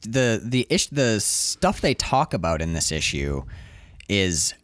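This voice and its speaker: Low-voiced man rambling about comics. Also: big pitch swings, slow pace, fairly bright tone, no echo, clean studio sound. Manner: rambling, many fillers and restarts. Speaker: podcast co-host. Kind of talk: casual chat about comics.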